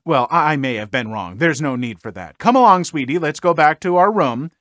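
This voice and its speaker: A man's voice: on the high side, animated, a little fast, fairly bright tone, no echo, studio quality. A man reading as a smug entitled mother. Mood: sugary. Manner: indignant, smug.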